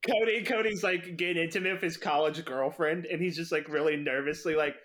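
A man playing a tabletop game, joking and halting with many fillers. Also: on the high side, a bit bright. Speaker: player. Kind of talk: casual tabletop play.

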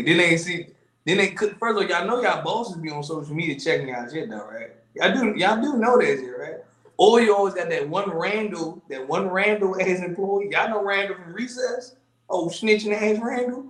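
A man's voice: sits high, moderate pace. Slangy joking man in a roomy echo. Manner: animated, joking, heavy slang. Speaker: podcast co-host. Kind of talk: casual podcast banter.

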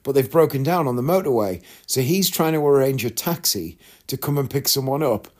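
A man's voice: medium pitch, expressive, brisk, darkish tone. A man talking casually to his viewers, open and candid, wandering through asides as he recounts what happened. He slips into the voices of people he met along the way and keeps an easy, conversational flow. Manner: chatty, candid, rambling with asides and quoted voices. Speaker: vlogger. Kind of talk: casual storytelling to camera.

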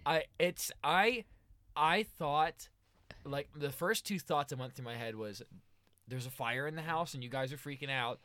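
A man hosting a casual podcast, winding through an anecdote with plenty of fillers and restarts. His voice is bright and forward, recorded dry and close. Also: fairly high pitch, measured pace, dry recording. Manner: rambling storyteller, lots of fillers. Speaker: podcast host. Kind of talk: casual chat.

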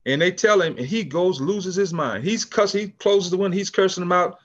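A man's voice: high-pitched, a little fast, dull audio. A man in his sixties, a business founder from California, telling a story in a casual interview and acting out the people in it. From California, USA. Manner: animated storyteller, acts out quotes, frequent restarts. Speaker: podcast guest, business founder.

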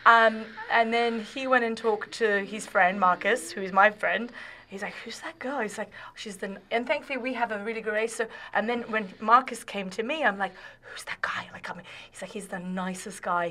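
A woman from Australia, a podcast guest, telling a personal story in casual chat, animated and laughing, often restarting her sentences. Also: medium pitch.

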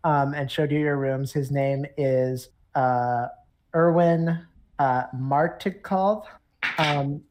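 A woman's voice: extremely low pitch, fairly even intonation, slow pace, darkish tone. A woman running a tabletop game, narrating casually with lots of fillers and asides. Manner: rambling, laughing, many fillers. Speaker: game master.

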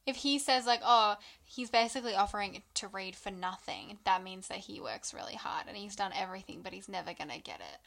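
A woman's voice: medium pitch, expressive, a little fast, gravelly, hardly any pauses, fairly bright tone. A young woman co-hosting a casual book chat, adding her own thoughts and agreeing with her co-host. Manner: agreeable, chiming in with short replies.

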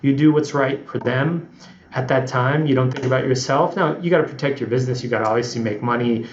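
A man's voice: medium pitch, quick pace, reverberant, dull audio, slight background noise. A man being interviewed as a company CEO, telling stories in a casual podcast chat and acting out other people's lines as he goes. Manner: animated storyteller, acts out quotes. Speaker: guest CEO.

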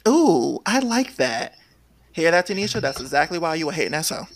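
A young man hosting a podcast, chatting about reality TV gossip in an animated, sassy way with sudden shrill outbursts. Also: a little fast. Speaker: podcast host. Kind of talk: casual gossip chat.

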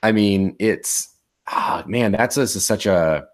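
A man in his forties co-hosting a podcast, talking casually in a rambling, halting way with many restarts. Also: on the low side. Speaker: podcast co-host. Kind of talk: casual chat.

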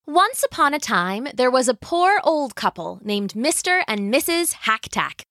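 A woman narrating a folk tale as a storyteller, slow and expressive. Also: high voice, dry recording, studio quality.

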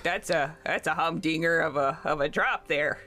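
Woman playing a folksy young adventurer lady, higher voice, bright tone, rambling drawl, faint music behind. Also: normal speed.

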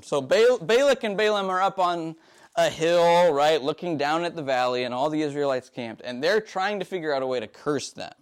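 A man with a fairly high-pitched voice delivers a sermon as the preacher. He talks in a loose, conversational way and keeps checking in with his listeners. When he retells the story, he slips into the characters' voices. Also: lively intonation, moderate pace. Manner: conversational, often tags "right?". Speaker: pastor.

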